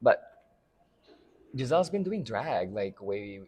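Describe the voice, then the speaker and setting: A man from the Philippines talks as a guest in a relaxed interview, his low voice swinging widely in pitch. He giggles, fills gaps with "um" and lets sentences trail off mid-thought. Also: slow. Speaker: interview guest, drag house mother. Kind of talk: casual interview chat.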